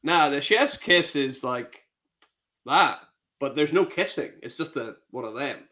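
A man chats casually as co-host of a sports show, his voice swinging widely up and down as he reacts with amusement to clips. He sits at a middle pitch and laughs often between remarks. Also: animated, unhurried, bright, forceful tone. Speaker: co-host of a fantasy football show. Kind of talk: casual chat.

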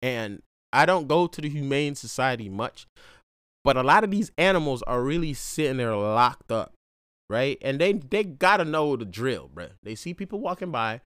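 Lively laid-back man telling a story. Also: medium pitch, moderate pace, smooth, dry recording, studio quality. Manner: laid-back slang, rambling with restarts. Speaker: vlogger. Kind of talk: casual storytelling monologue.

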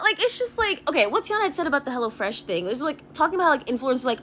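A woman's voice: sits high, animated, a bit bright, slight background noise. A young woman delivering a vlog rant, profane and frustrated, with a constant stream of "like" fillers. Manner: rapid, profane, filler-heavy ranting with constant "like". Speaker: vlogger. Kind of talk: ranting vlog monologue.

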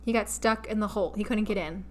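Animated woman telling a playful story. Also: mid-range voice, fast. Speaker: podcast co-host. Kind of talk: casual podcast chat.

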